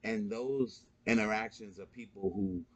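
A man's voice: lowish voice, measured pace. A man co-hosting a podcast, telling a laid-back story in casual chat and swearing freely. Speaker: podcast co-host.

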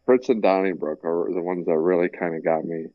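A young man chatting casually, rambling with lots of fillers and breaking into animated impressions. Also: low voice, brisk, no echo, dull audio. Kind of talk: casual chat.

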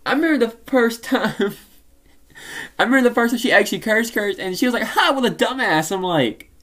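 A woman co-hosting a podcast, telling family stories in casual chat, animated and profane. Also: on the high side, brisk. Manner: animated, profane, laughs often. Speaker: podcast co-host.

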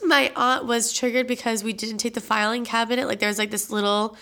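A woman's voice: fairly high pitch, brisk. A young woman co-hosting a podcast, telling a family story in casual, profane chat full of fillers. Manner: animated, profane, lots of "like" fillers. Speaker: podcast co-host.

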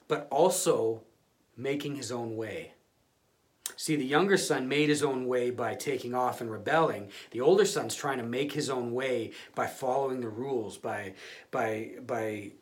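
A male pastor giving a conversational sermon, often restarting and repeating words. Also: medium pitch.

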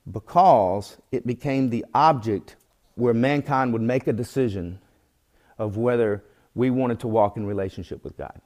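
A man's voice: mid-range voice, unhurried, a little mellow. Man teaching a sermon. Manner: earnest, reads scripture aloud and tells folksy illustrations. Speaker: Bible teacher.

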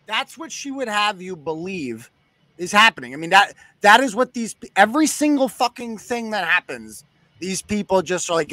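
A man's voice: sits high, very animated, brisk, sharp tone, no echo. A man hosting a live podcast, ranting sarcastically and cursing freely. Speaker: host.

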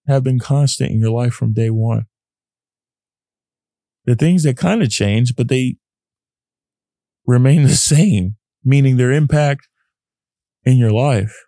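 A man's voice: mid-range voice, creaky, dark tone, no echo, studio quality. A young man hosting a casual solo podcast, talking in an earnest, rambling way. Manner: rambling, earnest, often acts out his own inner voice. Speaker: podcast host.

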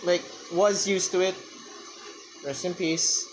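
A man's voice: high-pitched, level tone, takes it slowly, a little hiss or hum, poor audio. A young man with a strained throat chatting casually, rambling, swearing and laughing a lot. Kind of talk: casual chat.

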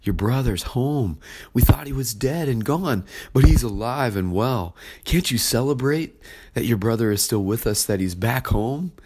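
A loving old father pleads with his resentful son, gentle and warm, as a man acts him out. The delivery rises above the speaker's deep natural voice. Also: lively intonation, moderate pace, slight background noise. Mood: pleading.

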